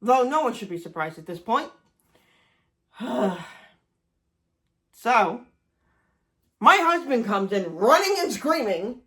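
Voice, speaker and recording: A woman's voice: a little high, sing-song, slow, long pauses, fairly bright tone. A woman in her forties telling a personal story in a casual vlog, self-deprecating and swearing often. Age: 40s. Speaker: vlogger.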